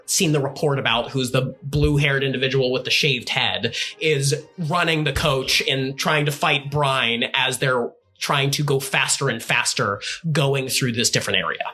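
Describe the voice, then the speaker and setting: A man's voice: medium pitch, moderate pace, sharp tone, soft background music. A man narrating a tabletop game as game master, often breaking into laughter.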